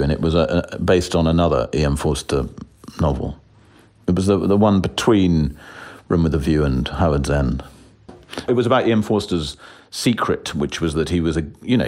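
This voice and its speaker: A man's voice: a bass voice, a little mellow. A man in his sixties, an actor talking as a guest in a casual interview, self-deprecating with frequent chuckles and restarts.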